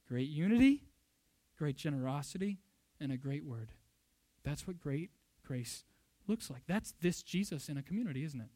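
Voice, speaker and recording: A man's voice: high voice, no echo. A pastor preaching a sermon, emphatic and fond of rhetorical questions, a father of young children. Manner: emphatic, rhetorical questions, loud bursts when quoting.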